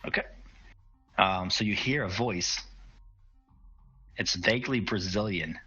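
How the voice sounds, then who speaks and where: A man's voice: low-pitched, a little slow, bright, forceful tone, breathy edge, muffled recording, faint music behind. A man narrating a tabletop role-playing game as game master, in a casual, hesitant way.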